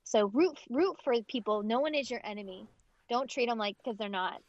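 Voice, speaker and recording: A woman voice actress giving emphatic, expressive interview answers, often restarting her sentences. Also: fairly high pitch, normal speed, no room sound. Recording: slightly dull, dry audio.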